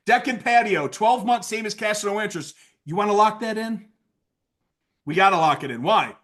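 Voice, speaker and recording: A man leading a sales training call, energetic and playful, acting out sales lines with lots of hype. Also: high-pitched, moderate pace. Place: video call. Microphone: video call mic.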